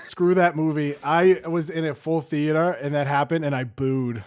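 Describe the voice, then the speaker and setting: A man's voice: fairly high pitch, fairly even intonation, moderate pace, smooth. A young adult man co-hosting a podcast, ranting bluntly with strong opinions in a casual chat. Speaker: podcast co-host.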